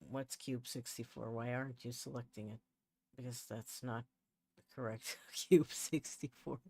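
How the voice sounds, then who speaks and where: A man's voice: mid-range voice, steady tone, moderate pace, slight background noise. A man streaming live, chatting casually while he works, often muttering to himself and restarting his sentences in exasperation. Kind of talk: casual livestream chat while working. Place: home setup.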